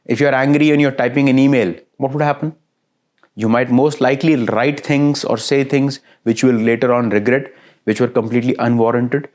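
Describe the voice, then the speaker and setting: A man giving a recorded lecture, talking in a lively way, stringing phrases into repeated lists and often checking in with short questions to his listeners. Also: medium pitch, brisk.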